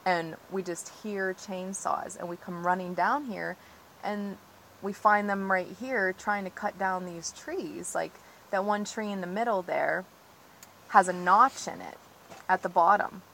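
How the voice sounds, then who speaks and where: A woman's voice: mid-range voice, measured pace, gravelly, a bit bright, a little hiss or hum, rough recording. A woman recounting events as an interviewee outdoors, earnest and agitated, with many fillers. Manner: earnest, agitated, frequent "like" and "you know". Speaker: interviewee, tree-sit protester. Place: outdoors on her property near trees.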